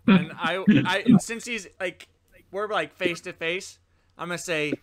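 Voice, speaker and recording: A man's voice: high-pitched, measured pace. A man playing a tabletop role-playing game, chatting casually and talking through what his character does and says. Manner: playful, talks through his character's actions. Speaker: player.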